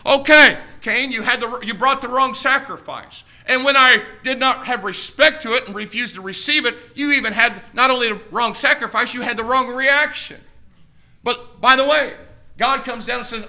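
A male pastor preaching a fiery sermon, emphatic, swinging between shouted passages and hushed ones. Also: very high-pitched, normal speed.

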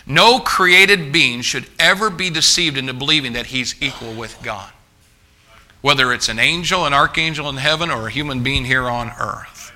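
A man's voice: medium pitch, normal speed, pushed and bright. A man preaching a sermon to a live congregation in a church. He speaks emphatically, often restarts his phrases and keeps calling out to the listeners as folks. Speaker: pastor.

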